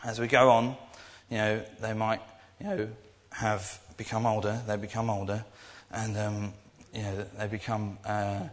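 A man's voice: on the low side, level tone, a little slow, few pauses. A young man giving an informal sermon, talking in a rambling, earnest way with many restarts. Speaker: preacher. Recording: echoey hall.

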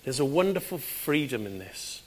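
A British man preaching a conversational sermon in a church, with sudden loud, emphatic bursts. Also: medium pitch, sing-song, moderate pace. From Britain.

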